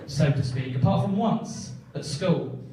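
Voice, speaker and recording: A young man from England doing a stand-up set on a comedy club stage, with deadpan, self-deprecating asides. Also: on the high side, measured pace, a little hiss or hum. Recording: echoey venue, mic heard from far.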